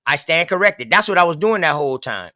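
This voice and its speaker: A man co-hosting a casual podcast discussion, loudly cutting in to get the floor. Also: fairly high pitch, sing-song, fast talker, crowd noise. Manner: loud, interrupting, calls for attention with "hey, hold on".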